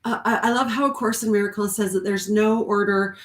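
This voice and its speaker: A woman's voice: medium pitch, fairly even intonation, brisk. Earnest spiritual coach woman, echoey room. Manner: earnest, rambling, with frequent ums and laughs. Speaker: spiritual coach and card reader. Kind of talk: live-streamed spiritual talk.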